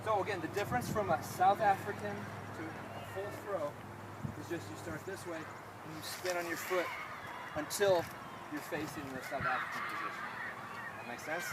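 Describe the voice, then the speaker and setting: A man's voice: a little high, normal speed. A man coaching a group in discus throwing outdoors, explaining each step patiently and often asking if it makes sense. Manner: patient, step-by-step, checks understanding. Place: outdoor athletic field. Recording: distant voice in loud outdoor noise.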